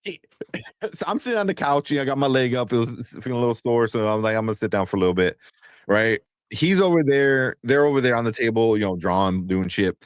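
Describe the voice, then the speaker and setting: A man in his thirties co-hosting a casual chat, acting out stories about his kids with big jumps in pitch. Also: animated, brisk, clear, resonant tone, dry recording, clean studio sound. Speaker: podcast co-host.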